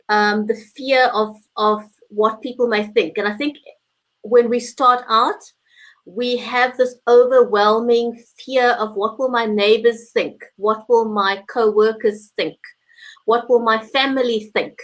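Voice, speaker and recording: A woman's voice: a little high, steady tone, slow pace, rough recording. A woman co-hosting a live chat over a video call, speaking in an earnest, storytelling way. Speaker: co-host.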